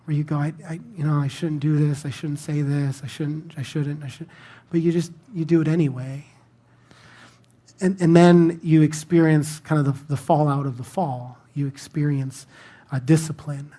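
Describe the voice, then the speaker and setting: A man's voice: a little high, level tone, moderate pace, mellow. A man preaching a sermon in a conversational, self-deprecating storytelling manner. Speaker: pastor.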